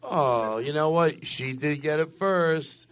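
Playful, lively comedian host on stage. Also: male voice, on the high side, takes it slowly, a crowd in the background. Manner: playful teasing, slips into silly voices. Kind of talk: live comedy podcast.

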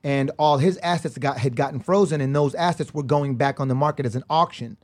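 A man chatting casually on a podcast, telling stories in a fast, animated way with lots of restarts. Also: medium pitch.

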